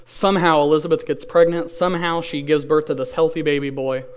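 A man delivers a sermon, reading scripture and then explaining it in an earnest, conversational way. His voice is smooth and clear and sits a little high for a man. He asks his listeners questions and slows down to lean on key phrases. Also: flat delivery. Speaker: pastor.

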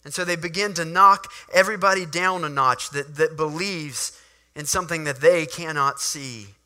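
Bright-voiced, animated male preacher. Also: on the high side, moderate pace. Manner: animated, acts out scenes. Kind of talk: sermon.

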